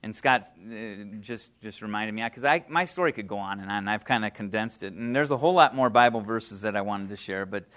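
Telling his story to an audience in earnest, heartfelt, everyday language with fillers, this fifty-something guest speaker barely pauses. His voice is lowish and fairly bright in tone, and he speaks a little fast.

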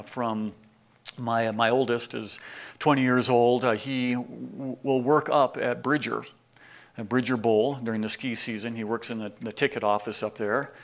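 Gravelly-voiced preacher man. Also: medium pitch. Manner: storytelling preacher, swings from hushed to emphatic. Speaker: pastor. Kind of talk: sermon.

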